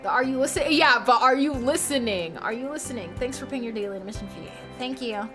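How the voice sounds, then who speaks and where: A woman's voice: fairly high pitch, brisk, bright, forceful tone. A young woman streamer chatting casually and playfully, reading out and answering her chat. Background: background music.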